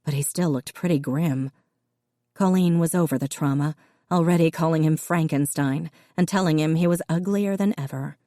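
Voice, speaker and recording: A woman with a low-sitting voice narrates an audiobook evenly and with measure. It's studio quality, with no echo at all.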